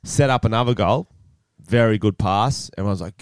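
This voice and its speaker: Australian guy, 30s, podcast co-host, animated storyteller who swears freely, smooth resonant voice, dry close mic. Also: sits low, a little fast, hardly any pauses, dry recording. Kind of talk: casual podcast chat.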